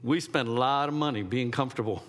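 A man preaching a sermon in an animated, conversational way, slipping into quick acted asides. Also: mid-range voice, long reverb tail. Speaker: pastor.

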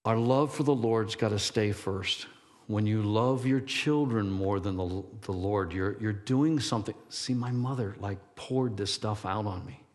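A man's voice: on the low side, measured pace, darkish tone. A middle-aged man preaching a sermon as pastor, conversational and emphatic. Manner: conversational, emphatic, self-deprecating. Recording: long hall reverb.

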